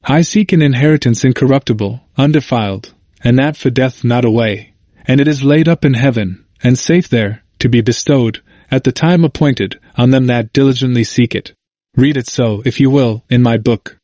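A man's voice: medium pitch, moderate pace, mellow, no room sound, clean studio sound, lightly acted. A man voicing an anguished, burdened male pilgrim who pleads in earnest archaic speech.

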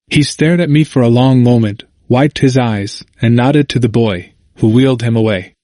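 A man narrating a first-person memoir in a measured, earnest audiobook reading, recorded on a close studio mic. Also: medium pitch, darkish tone, no echo.

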